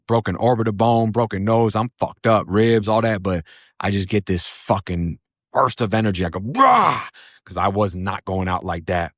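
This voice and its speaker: Low-voiced blunt, profane male storyteller. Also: dry recording, clean studio sound. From Florida. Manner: blunt and profane, with many fillers. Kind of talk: casual spoken storytelling.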